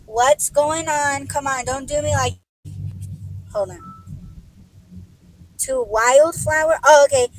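A woman's voice: high voice, poor audio. A young woman, a podcast host, telling casual stories while driving deliveries, chatty and laughing often with lots of fillers. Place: in a car. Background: faint vehicle noise.

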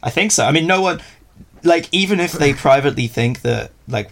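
A man's voice: fairly high pitch, lively intonation, brisk, gravelly, fairly bright tone. A young man chatting casually as a podcast guest, rambling and self-mocking, often laughing. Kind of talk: casual chat.

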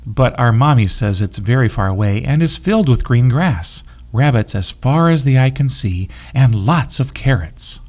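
A man's voice: mid-range voice, animated, normal speed, few pauses, a little mellow, close to an everyday voice. A man voicing a cheerful, chatty young bunny in a children's story. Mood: chirpy.

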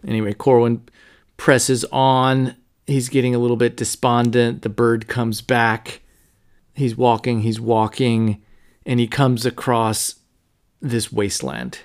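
A man hosting a podcast, talking through a novel in a low-key, conversational way with frequent fillers. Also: flat delivery, unhurried, clear, resonant tone. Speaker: podcast host. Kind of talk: casual book discussion.

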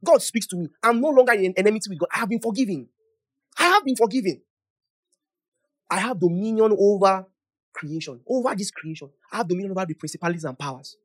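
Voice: mid-range voice, fast talker, breathy edge. A preacher giving a conversational sermon, asking the listeners questions and laughing often, then praying aloud in tongues. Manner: prays aloud in tongues, rising in loudness. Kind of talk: sermon and prayer.

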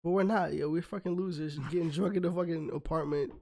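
A man trading loud, teasing, profane banter with friends at an apartment podcast. His voice sits high for a man. He talks like a rowdy host keeping the chat going. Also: fairly even intonation, quick pace, gravelly. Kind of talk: casual drunk podcast chat.

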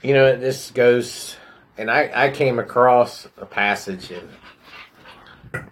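Earnest man on a faith podcast. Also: mid-range voice. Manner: earnest, pauses to gather himself. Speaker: podcast co-host. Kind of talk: casual faith chat and scripture reading.

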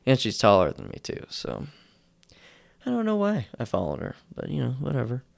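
A man's voice: medium pitch, huge pitch swings, moderate pace, vocal fry, no room sound. A young man hosting a podcast, telling a rambling, self-deprecating story in casual talk and acting out the quotes in raised voices. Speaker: podcast host.

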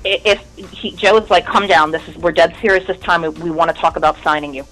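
A woman's voice: on the low side, steady tone, quick pace, a bit bright, soft background music, low-quality recording. A woman in her thirties, a guest in an interview, telling her story in a candid, rambling way and swearing often.

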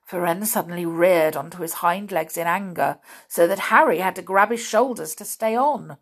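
A woman narrating a children's fantasy novel in a dramatic, deliberate way. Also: lowish voice, breathy edge. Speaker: audiobook reader. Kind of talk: storybook narration.

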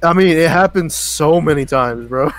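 A man's voice: on the high side, normal speed, dry recording. A young man co-hosting a podcast, chatting casually, laughing often and swearing as he tells stories. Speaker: podcast co-host. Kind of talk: casual chat.

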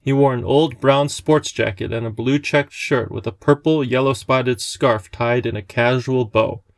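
Casting: male audiobook narrator, gravelly, dry close studio sound, measured. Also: medium pitch, steady tone, dry recording. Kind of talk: scripted narration.

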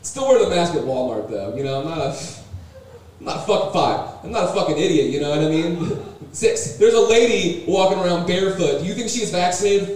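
A man doing a deadpan, self-deprecating stand-up set with muttered asides, at a small comedy venue. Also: normal speed. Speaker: stand-up comic. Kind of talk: open-mic stand-up set. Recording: echoey room, distant mic, low noise.

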